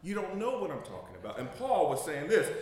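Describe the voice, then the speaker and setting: His voice is a little high with a darkish tone, swinging widely in pitch at a fairly quick clip. This pastor jokes and laughs through his sermon in a very echoey church, prompting the congregation, who can be heard responding, to supply the missing words.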